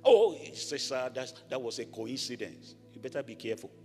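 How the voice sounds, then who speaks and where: A man from Nigeria preaching a sermon as pastor, animated, rising to shouted blessings over the congregation. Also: medium pitch, brisk. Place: large church hall. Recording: echoey church hall with music.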